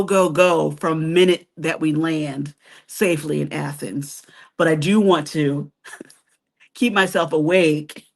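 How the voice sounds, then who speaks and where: A woman hosts a live stream in an unhurried, leisurely way. Her voice sits a little low. She chats casually with viewers, laughs often and pokes fun at herself. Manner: chatty, laughs often, self-teasing. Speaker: host of a cruise travel channel.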